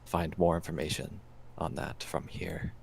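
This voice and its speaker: An earnest adventurer, played by a man with a very low, gravelly voice. He speaks haltingly, often restarting his sentences as he explains what he is searching for. The scene is in-character role-play in a tabletop game. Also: level tone, slight background noise. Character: earnest male adventurer chasing a legend.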